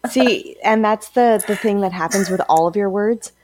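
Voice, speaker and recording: A woman's voice: medium pitch, moderate pace, a little mellow, slight background noise. A woman from California co-hosting a podcast in casual chat, rambling in an easygoing way. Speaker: podcast co-host.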